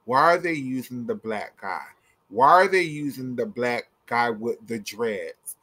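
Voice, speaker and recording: A man's voice: medium pitch, expressive, measured pace, bright, forceful tone. A young man ranting heatedly in a commentary vlog, blunt and profane, hammering his points through repetition. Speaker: gymnastics commentator.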